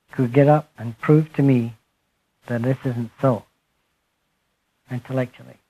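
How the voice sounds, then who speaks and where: A man giving a spiritual talk to a live audience, speaking slowly and emphatically and letting his phrases fall away softly. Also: medium pitch, phone-quality sound. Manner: slow, emphatic, trailing off softly at phrase ends. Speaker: speaker addressing a group.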